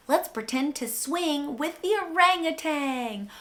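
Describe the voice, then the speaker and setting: A woman's voice: high voice, sing-song, takes it slowly. A woman hosting a toddler phonics lesson in an exaggerated, enthusiastic singsong baby-talk manner. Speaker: children's educational host. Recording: loud background music.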